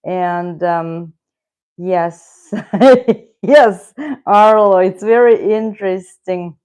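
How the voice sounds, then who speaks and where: A woman's voice: fairly low pitch, extremely slow, darkish tone, smooth. A woman with a Russian accent hosting a casual livestream chat, chatty and greeting viewers by name. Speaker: livestream host.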